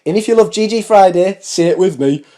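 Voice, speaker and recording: A man's voice: sits high, brisk, warm tone. A man hosting a fashion show, chatting to camera in a playful, camp, teasing way and speaking into a studio microphone. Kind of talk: casual chat to camera. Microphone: studio microphone with foam cover.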